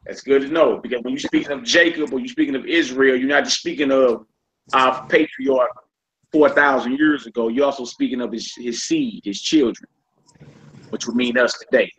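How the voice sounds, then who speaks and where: Man teaching a relaxed online class. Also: mid-range voice, moderate pace. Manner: relaxed, repeats each word aloud, slangy asides. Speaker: Hebrew teacher. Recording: slightly dull lo-fi with faint noise.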